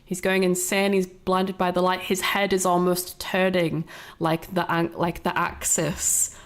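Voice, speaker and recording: A woman with a lowish voice gives casual reaction commentary on stream. She rambles through her thoughts and swears freely. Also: level tone, unhurried, slight background noise.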